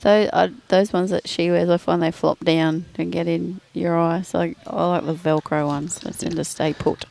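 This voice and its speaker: A woman sits beside the main caller at an outdoor bowls green. Her voice is gravelly, and her remarks come short and dry between his commentary. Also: on the low side, little pitch movement, moderate pace, few pauses, a little mellow. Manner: dry, brief interjections. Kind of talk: casual sports commentary chat.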